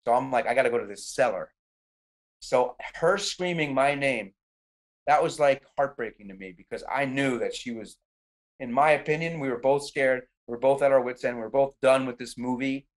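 A middle-aged man casually recounting a film shoot in a podcast interview, acting out his own quotes with lots of "like". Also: mid-range voice. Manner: animated storyteller, acts out quotes, frequent "like".

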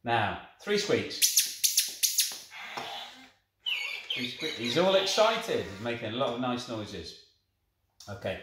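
A man's voice: mid-range voice, very animated, normal speed. Man demoing a toy in an echoey room. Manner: coaxing sing-song talk to the toy, warm praise. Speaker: toy reviewer. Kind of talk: toy demonstration and review. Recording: echoey room with clear background noise.

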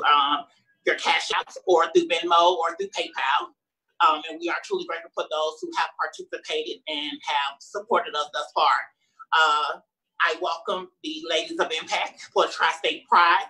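A woman's voice: on the low side, pushed and bright, rough recording. A woman hosting a live-streamed event, bantering playfully and sassily with the crowd as she welcomes everyone and introduces the performers. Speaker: emcee of a live-streamed show.

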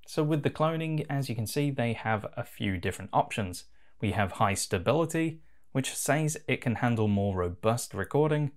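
A man with a mid-range voice explains software step by step in a relaxed, casual voice-over. He talks in an easygoing, conversational manner as he clicks through settings. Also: mid-range voice. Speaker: tutorial host.

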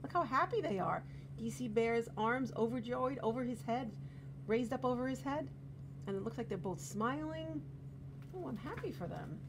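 A woman reading a picture book to children and then explaining a craft, gentle and exclamatory, often asking the children questions. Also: on the high side, normal speed. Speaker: children's librarian. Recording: steady background hum.

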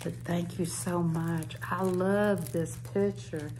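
Excitable woman vlogger, lower voice, chatty and effusive, faint noise behind. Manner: gushing, excitable, drawn-out exclamations. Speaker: hobby vlogger. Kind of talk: casual chat to viewers.

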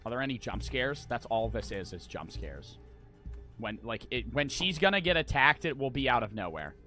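Excitable, swearing gaming streamer guy. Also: mid-range voice, moderate pace. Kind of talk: gameplay commentary. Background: game music.

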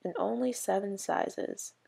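A woman reading the lines of a helpful, matter-of-fact young boy from a storybook in her gravelly, husky voice. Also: medium pitch, unhurried, warm tone, heavily acted.

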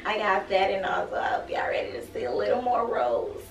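A woman's voice: medium pitch, brisk, gravelly, reverberant, far from the mic, some chatter behind. A woman with a sore throat chatting playfully with her viewers as a beauty vlogger, teasing and joking as she goes. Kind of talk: casual chat to viewers.

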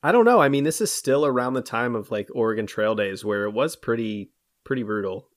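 A man's voice: mid-range voice, lively intonation, fairly quick. Man narrating history on a podcast. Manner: reads prepared narration steadily, then banters loosely. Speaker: podcast host and storyteller. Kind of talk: scripted history narration mixed with casual chat.

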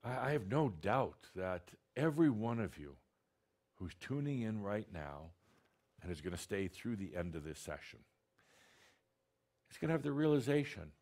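A man's voice: lowish voice, very animated, normal speed, long pauses, darkish tone. A man channeling a spiritual teacher, talking to an audience in a blunt, direct, teasing way with many restarts.

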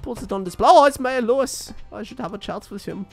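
A young man chatting while he plays a game, his pitch swinging widely from line to line. He jokes around and reads character lines in silly put-on voices. Faint music plays underneath. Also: animated, brisk, vocal fry. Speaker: streamer playing a farming game. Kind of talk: casual gaming chat with a co-player.

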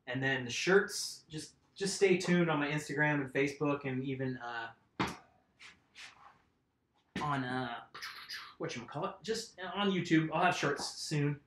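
A man's voice: on the high side, a little slow, pauses often, a bit bright. A man casually chatting on a live stream while working on his bike, rambling and answering viewers' comments. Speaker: mountain bike vlogger. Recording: roomy echo.

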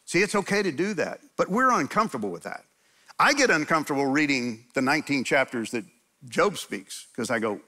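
A man's voice: mid-range voice, a little fast, bright, forceful tone. A man pastor preaching a sermon in a church, conversational and emphatic, often restarting his sentences.

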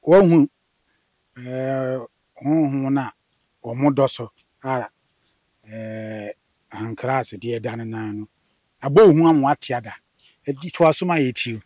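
A man's voice: medium pitch, unhurried, pauses often, warm tone, dry recording. A man interviewing a guest, cutting in with short follow-up questions and remarks. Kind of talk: interview prompting.

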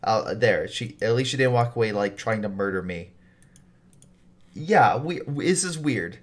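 A man's voice: lowish voice, animated, unhurried, slight background noise. A man giving let's-play commentary, reading game text aloud and blurting out exasperated reactions. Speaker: gaming YouTuber.

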